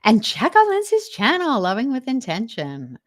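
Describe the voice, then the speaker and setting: Her voice leans high, with wildly swooping pitch at a normal speed, recorded at studio quality with no echo. She's a Western Canadian woman with a Canadian accent hosting a decluttering livestream, chatting with viewers in a casual, enthusiastic way and laughing frequently.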